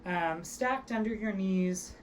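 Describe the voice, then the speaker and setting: A young woman teaching an online theatre workshop, leading vocal and body warm-ups with upbeat encouragement. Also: medium pitch, takes it slowly, a little hiss or hum. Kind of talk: online acting workshop instruction.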